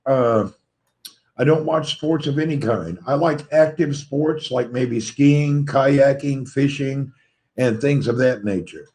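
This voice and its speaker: A man's voice: medium pitch, takes it slowly, darkish tone. Tired Southern-accented man hosting a livestream. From Tennessee, USA. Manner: friendly, greets viewers one by one. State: tired, voice a little crackly from poor sleep. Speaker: livestream host. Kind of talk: casual livestream chat, reading out viewer comments.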